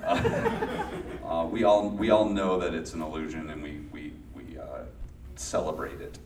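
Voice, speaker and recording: This rumbling low voice swoops wildly in pitch at a measured pace, captured from a distance in a roomy space with background noise. The speaker, a guest and former child actor from LA, tells a rambling story to a live audience, restarting sentences and laughing often.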